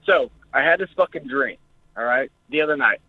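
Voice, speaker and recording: A man's voice: medium pitch, expressive, brisk. Jittery man on a tinny phone line. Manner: jittery, swearing, emotional. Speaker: caller. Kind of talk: recounting an experience on a call-in show.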